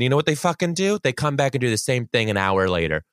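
A man's voice: fairly high pitch, lively intonation, fairly quick, hardly any pauses, fairly bright tone, no echo, clean studio sound. A young man on a podcast, animatedly retelling a story from his teaching days, swearing and getting worked up. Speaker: podcast co-host, former teacher. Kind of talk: casual storytelling chat.

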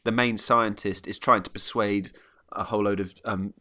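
A man's voice: lowish voice, fairly even intonation, normal speed, pushed and bright. A man chatting casually as a podcast co-host, rambling with frequent laughs and restarts. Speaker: podcast co-host reviewing a film. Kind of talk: casual chat.

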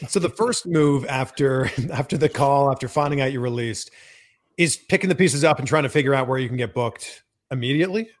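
A man hosting an interview, asking questions in a relaxed, conversational way. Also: medium pitch, fairly quick. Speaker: interviewer host.

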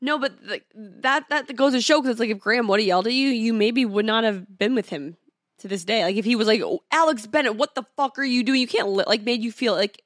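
A woman's voice: a little high, fairly quick, dry recording. Thoughtful woman, dry close voice. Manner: thoughtful, weighing in with opinions. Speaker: podcast co-host. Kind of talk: casual chat.

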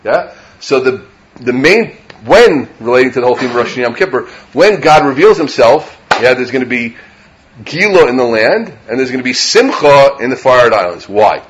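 A man's voice: medium pitch, very animated, normal speed. A middle-aged man, a rabbi, gives an informal Torah lecture to a live audience. He talks conversationally, keeps asking "right?", and mixes Hebrew and Yiddish terms into his English. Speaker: rabbi teaching a class.

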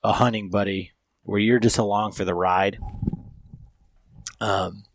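A man's voice: lowish voice, steady tone, a little slow, creaky, a little hiss or hum. A man hosting a podcast, telling a long story in a rambling, profane way with lots of fillers. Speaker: podcast host.

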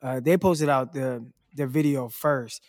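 A man's voice: mid-range voice, unhurried, darkish tone. A man co-hosting a sports podcast in casual chat, talking loosely with lots of fillers and slang. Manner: loose and rambling, heavy on "like" and "bro".

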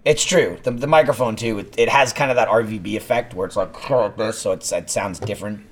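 A man's voice: on the low side, fast talker, slight background noise. A man in his late twenties from New Jersey, hosting a casual podcast chat with lots of swearing. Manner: animated, swearing, breaks into loud impressions. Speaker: podcast host.

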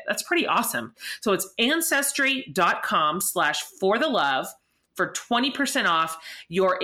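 A woman's voice: medium pitch, sharp tone. A woman hosting a podcast interview, speaking with effusive enthusiasm and also reading an ad. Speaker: podcast host. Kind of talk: warm conversational interview and read ad.

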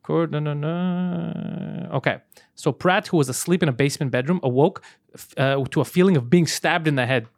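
A man co-hosts a podcast in loose, profane banter, laughing between lines. His voice sits a little high. The sound is dry and close, with no room around it. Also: moderate pace, no room sound. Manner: laughing, loose, swears freely. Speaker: podcast co-host.

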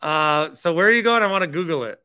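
A man's voice: a little high, expressive, fast, pushed and bright, clean tone. A man hosting a call-in podcast, chatting casually and teasing his callers. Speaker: podcast host.

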